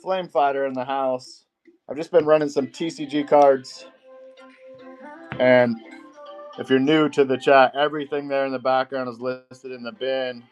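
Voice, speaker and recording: A man's voice: mid-range voice, steady tone, unhurried, soft background music. A man hosting a live-stream auction, greeting viewers by name and rattling off card names.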